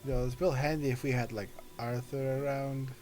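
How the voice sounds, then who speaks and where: A man's voice: mid-range voice, level tone, brisk, a little mellow. A man playing in a tabletop game, chatting casually and joking with the table. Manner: joking, laid-back. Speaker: player. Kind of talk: casual chat.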